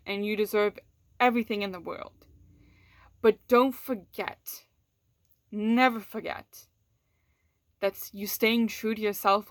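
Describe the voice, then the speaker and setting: A woman's voice: mid-range voice, dry recording, studio quality. A woman vlogger in a candid, casual chat with her audience. She is frank and swears freely, restarts her sentences often and laughs between words.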